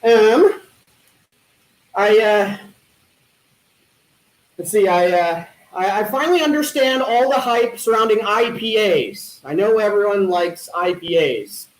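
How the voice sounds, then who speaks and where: A man doing stand-up one-liners at an online talent show, with a deadpan punning delivery and hesitant fillers. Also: sits high, slow pace, pauses often. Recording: echoey room.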